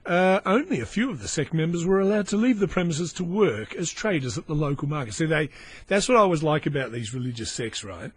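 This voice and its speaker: A middle-aged man reads news items for his podcast and keeps breaking off into wry, meandering comments. His voice sits a touch high and husky. It comes across close and dry, with no room sound. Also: expressive, normal speed, no echo. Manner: sardonic, rambling asides, stumbles over foreign names. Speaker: podcast host. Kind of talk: reading news aloud with running commentary.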